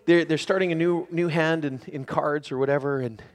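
A man preaching a sermon who swings between hushed, quiet passages and loud, excited shouting. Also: fairly high pitch, a little fast.

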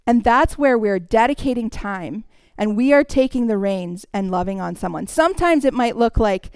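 A woman's voice: fairly high pitch, expressive, normal speed, clear, resonant tone, no room sound. A woman giving a sermon in a conversational teaching manner, now and then acting out what people say. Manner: warm, conversational teaching with acted quotes. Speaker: speaker in a church service.

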